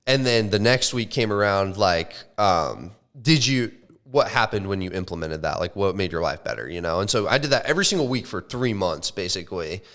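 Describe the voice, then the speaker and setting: A young man on a podcast, telling a casual, animated story full of swearing and slang. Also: low voice, a little fast. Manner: animated, swears often, says like and bro. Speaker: podcast co-host.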